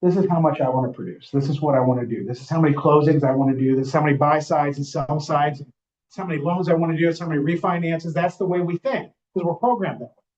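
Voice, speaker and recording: Man, slightly high voice, running a real estate training session, chatty, keeps asking the room "right?", dull muffled recording. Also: fast, a little mellow. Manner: conversational, checks in with the audience often. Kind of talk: live class talk to a room. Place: classroom or training room with an audience.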